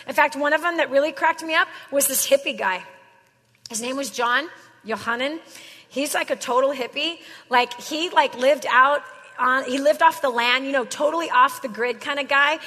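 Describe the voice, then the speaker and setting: Woman speaker, higher voice, slangy casual sermon, long hall echo. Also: moderate pace, sharp tone. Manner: slangy, chatty storytelling. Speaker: Christian speaker.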